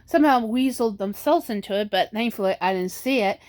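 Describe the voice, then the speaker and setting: A woman vlogger giving casual commentary, halting with many restarts and fillers, at times tearful. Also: fairly high pitch, animated, darkish tone. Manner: tearful and emotional in places.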